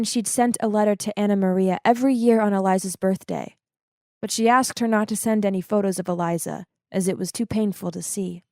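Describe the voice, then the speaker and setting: A woman narrating an animated storytime in a dramatic, emotive way. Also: no echo, studio quality. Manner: emotive and dramatic, swings to high exclaims.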